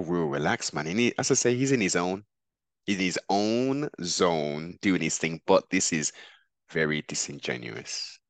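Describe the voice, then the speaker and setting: Man, podcast host, deep voice, swinging intonation, digressive commentary, dry sound. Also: a bit bright, no echo. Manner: musing, digressive, frequent restarts. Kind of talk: reaction commentary.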